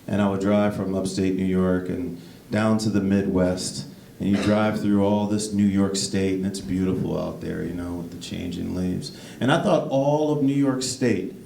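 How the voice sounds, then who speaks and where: A man's voice: low voice, normal speed, creaky, hardly any pauses, warm tone. A man performing a stand-up comedy set on a club stage, chatting with the crowd between jokes. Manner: conversational, jokey asides to the crowd. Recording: echoey club, mic heard from a distance, noisy. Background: audience laughter.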